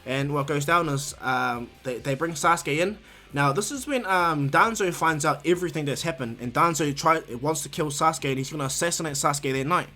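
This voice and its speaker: A man's voice: fairly high pitch, a little fast, faint music behind. Rambling New man retelling a story. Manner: rambling, filler-heavy, animated. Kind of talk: casual fan-story retelling.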